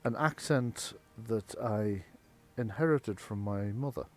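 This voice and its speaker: A man's voice: fairly low pitch, slow pace, a little mellow. A man voicing a gracious noblewoman, the wife of a tower's master, speaking formally and courteously with small hesitations.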